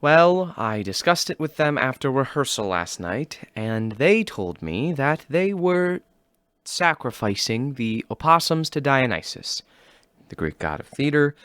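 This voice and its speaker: Exasperated man, lively swooping pitch, dry close recording. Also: measured pace, smooth, dry recording. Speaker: director in sketch. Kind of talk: comedy sketch acting.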